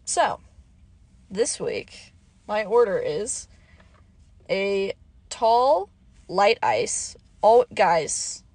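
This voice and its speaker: A young woman hosting her own podcast, chatting casually and rambling off topic with lots of fillers, her voice a little hoarse. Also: mid-range voice, very animated, extremely slow, pauses often, a little mellow. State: slightly hoarse. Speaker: podcast host. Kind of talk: casual solo podcast chat.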